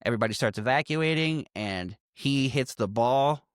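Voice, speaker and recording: A man's voice: mid-range voice, normal speed, clear, resonant tone, no echo, clean studio sound. A man co-hosting a casual movie podcast, recapping scenes with a lot of swearing and bursts of acted-out quotes. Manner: animated, swearing, acts out quotes in jumpy voices. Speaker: podcast co-host.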